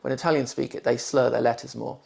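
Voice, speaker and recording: A man in his forties speaks with a posh southern English accent and a faint gravelly rasp. He pronounces every word with deliberate clarity, whether reading test sentences or answering interview questions. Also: medium pitch, fairly even intonation, a little mellow. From London, England. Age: 40s. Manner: careful, clearly pronounced speech.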